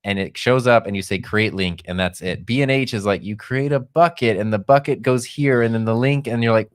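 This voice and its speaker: A man's voice: medium pitch, a little fast, smooth, dry recording. A man co-hosting a casual podcast, a teacher who chats loosely and laughs often at his own stories. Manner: laughs often, chatty and self-deprecating. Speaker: podcast co-host. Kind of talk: casual chat.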